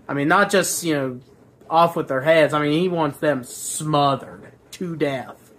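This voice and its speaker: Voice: mid-range voice, a little slow, fairly bright tone. A book reviewer rambling casually through a plot, crude and sarcastic, with filler words and restarts.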